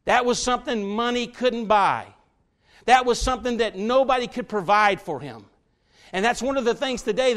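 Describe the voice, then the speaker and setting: High-pitched preacher guy, folksy sermon, talks right to the folks in church. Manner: folksy, talks straight to the congregation, builds to shouts.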